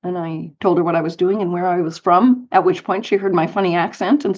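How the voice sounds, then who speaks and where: A middle-aged woman from Colorado, a guest telling animated anecdotes in an interview with light laughs. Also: lowish voice, a little fast, highs cut off. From United States, Colorado. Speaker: guest, author and speaker. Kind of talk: storytelling interview.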